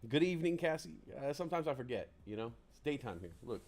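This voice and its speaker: A man's voice: mid-range voice, animated, quick pace, a little mellow. A man hosting a casual livestream who rambles in a chatty, self-deprecating way, close on a desk mic. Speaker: livestream host.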